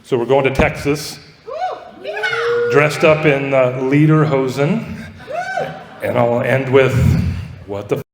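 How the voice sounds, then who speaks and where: Guy roasting his buddy, crude jokes, laughs at himself, big boomy room. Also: steady tone, takes it slowly, pauses often. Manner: joking, profane, laughing at his own lines. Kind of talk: roast speech. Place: large echoey party hall with audience. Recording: echoey hall, crowd noise.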